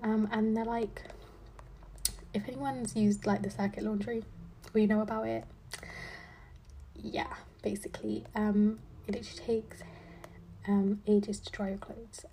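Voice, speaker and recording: A woman's voice: medium pitch, mellow, a little hiss or hum. A woman in her twenties hosting a podcast, chatting casually with lots of fillers and dry sarcasm. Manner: rambling, filler-heavy, with frequent "like" and "um"; playful sarcasm. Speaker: podcast host, law student. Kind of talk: casual chat.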